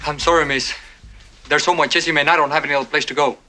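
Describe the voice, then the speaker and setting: An actor playing a young Union soldier hiding from outlaws in a 1970s Western film, speaking in urgent, clipped lines. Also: male voice, fairly high pitch, fairly even intonation, rapid-fire, music in the background, close to an everyday voice. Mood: wary.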